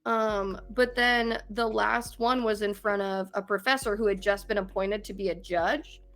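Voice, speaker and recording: A woman's voice: mid-range voice, moderate pace. A woman in her twenties from Minnesota, co-hosting a casual podcast and telling stories with frequent laughter. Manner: chatty, laughs often, animated storytelling. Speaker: podcast co-host. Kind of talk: casual chat.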